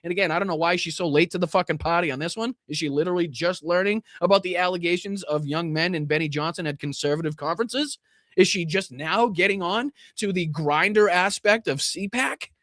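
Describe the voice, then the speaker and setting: Boston-accented male streamer, slightly high pitch, dry mic, rambling profane commentary. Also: brisk, a bit bright, no room sound. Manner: profane, sarcastic, rambling with restarts. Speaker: political commentary host. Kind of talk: casual live-stream commentary.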